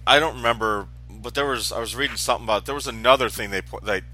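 A man's voice: medium pitch, fast, pushed and bright, soft background music. A man co-hosting a casual chat about a TV show, easygoing and laughing often, stumbling and restarting as he talks.

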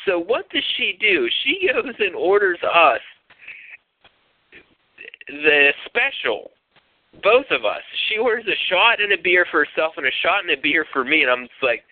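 A man's voice: sits high, big pitch swings, normal speed, dry recording. A man hosting a radio show, telling a story in casual chat with lots of profanity and laughter. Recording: tinny phone-like radio audio.

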